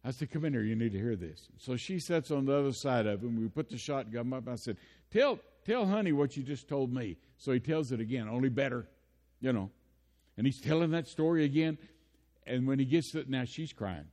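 A man's voice: medium pitch, lively intonation, fairly quick, warm tone. An older man preaching a sermon, telling folksy personal stories and building into impassioned preaching. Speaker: pastor. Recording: long hall reverb.

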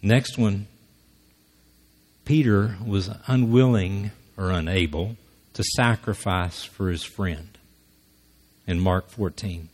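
A man gives a sermon in a relaxed, conversational way. He slips into the people he quotes and acts out their lines. His voice sits a little low and sounds husky. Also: takes it slowly, pauses often. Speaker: preacher.

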